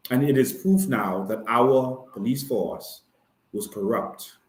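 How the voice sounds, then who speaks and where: A man's voice: medium pitch, slow pace, darkish tone, roomy sound, poor audio. Fiery Bahamian man on a livestream. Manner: fiery and emphatic, often asks "all right?". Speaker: activist hosting a live stream. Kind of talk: impassioned livestream talk.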